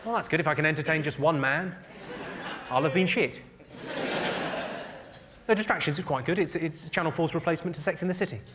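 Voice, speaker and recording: A man doing stand-up, roasting the audience with a deadpan, teasing delivery on stage. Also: fairly high pitch, fairly quick, pauses often, noisy background. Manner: deadpan, teasing crowd work. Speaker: stand-up comedian. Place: live theatre with an audience. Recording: loud audience laughter behind.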